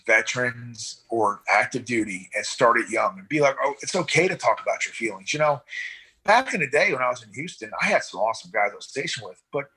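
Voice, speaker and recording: A man's voice: mid-range voice, fairly quick, slightly rough. A middle-aged man, a veteran rescue swimmer and paramedic, telling rambling stories in a casual interview and acting out the voices of the people in them. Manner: rambling, animated, acts out voices in anecdotes.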